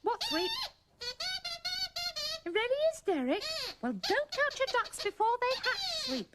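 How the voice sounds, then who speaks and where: A children's show presenter, a woman with a very high voice that swoops wildly up and down. She coaxes her puppets and cracks corny jokes. Loud old-tape hiss sits under everything. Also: wildly swooping pitch, normal speed. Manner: cheerful, coaxing, corny jokes.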